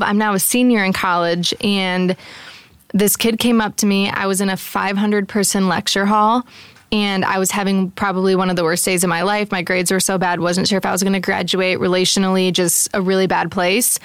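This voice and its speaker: A woman's voice: mid-range voice, smooth, no room sound, clean studio sound. A woman in her thirties hosting a casual faith talk, telling a personal story with lots of "like" fillers. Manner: storytelling, earnest, frequent "like" fillers. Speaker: podcast host.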